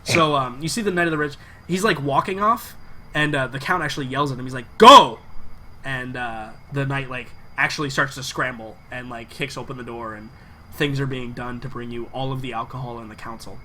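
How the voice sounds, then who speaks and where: A man running a tabletop game, narrating in a rambling, filler-heavy way. His voice is bright and forward, with faint noise underneath. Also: mid-range voice, fairly even intonation, brisk, rough recording. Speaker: game master.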